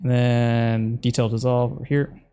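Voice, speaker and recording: A man's voice: medium pitch, little pitch movement, unhurried, mellow, smooth. A man, a video creator, talking casually to himself as he edits, muttering instructions and breaking into puzzled exclamations. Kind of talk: casual commentary while editing video.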